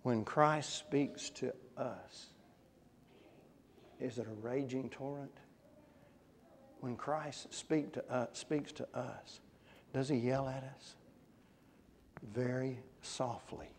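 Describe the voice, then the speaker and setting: A man's voice: mid-range voice, fairly even intonation, slow pace, long pauses, long reverb tail, a little hiss or hum. A man preaching a conversational sermon, often putting questions to his congregation. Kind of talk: interactive Bible class sermon. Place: church.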